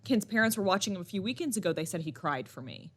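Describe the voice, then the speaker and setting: A young woman co-hosting a podcast, telling stories in casual chat with lively animation and frequent laughter. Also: on the low side. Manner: animated storyteller, quick to laugh. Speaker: podcast co-host.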